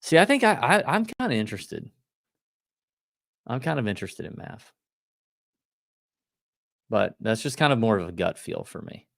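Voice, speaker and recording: A man co-hosting a golf betting podcast, talking in a quick, loose, joking way. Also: medium pitch, very animated, vocal fry, fairly bright tone, no room sound, studio quality. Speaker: podcast co-host. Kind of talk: casual golf betting chat.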